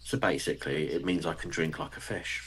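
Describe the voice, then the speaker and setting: A man's voice: rumbling low, steady tone, fairly quick, heavy background noise. A man from England with a received pronunciation English accent, chatting casually with a dry, teasing humor. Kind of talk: casual chat.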